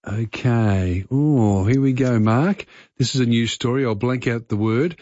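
A man's voice: mid-range voice, measured pace, darkish tone, no echo, highs cut off. A middle-aged Australian man hosting a casual radio quiz, chatty and full of uh fillers. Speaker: radio host.

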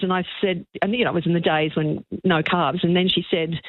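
A woman's voice: mid-range voice, steady tone, fairly quick, few pauses, no echo. Woman, 60s, Australian accent, radio caller, effusive storyteller, phone-line audio. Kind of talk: casual chat.

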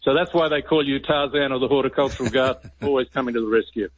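A man's voice: medium pitch, quick pace, no echo. Man on a tinny phone line. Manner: enthusiastic, reads a long list of praise. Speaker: garden industry representative, phone guest. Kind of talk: prepared tribute on a call-in line. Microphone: telephone.

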